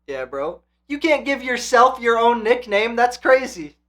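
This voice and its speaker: A man with an extremely high voice hosts an anime reaction channel, speaking unhurriedly. He talks casually and excitedly, swears, and swings between hyped shouts and quiet reflection.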